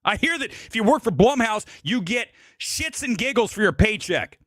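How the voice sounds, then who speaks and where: A man's voice: sits high, sing-song, moderate pace, fairly bright tone, no echo, clean studio sound. A man hosting a live movie show, delivering an angry, profanity-laced rant at a producer. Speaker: movie podcast host. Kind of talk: live-streamed film rant.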